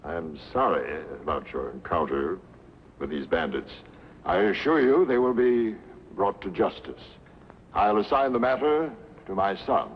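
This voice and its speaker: An actor playing an imperious older Roman emperor in a 1960s film dub, speaking in a formal, commanding way. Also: male voice, low-pitched, expressive, measured pace, pauses often, muffled recording, noisy background.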